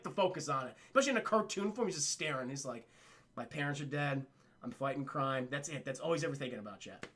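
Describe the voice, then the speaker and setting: Talking to his livestream chat, this man rambles through a profane, casual recap of a cartoon, frequently addressing viewers directly. He's a streamer with a high, pushed, bright voice who slips into quick character voices as he goes.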